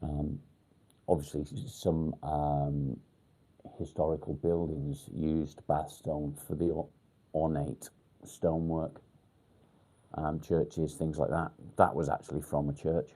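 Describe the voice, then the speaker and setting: A man a low, mellow voice chats casually on a livestream. He talks in halting bursts, stops often to think and fills the gaps ums. He swears now and then in a relaxed way. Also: husky. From England, near Warrington. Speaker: livestream host. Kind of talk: casual live chat reading comments.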